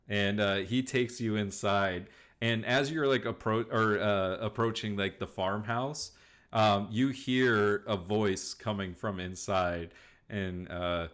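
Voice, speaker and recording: A man's voice: on the low side, steady tone, takes it slowly, fairly bright tone, clear, resonant tone. A man narrating a tabletop game as game master, rambling loosely with many restarts.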